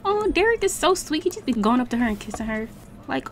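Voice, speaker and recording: Young female streamer, talkative and expressive, a bit higher-pitched, relaxed game commentary. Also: quick pace, a little hiss or hum. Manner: chatty and slangy, reacting loudly to the game. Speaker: gaming channel host. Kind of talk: casual let's-play commentary.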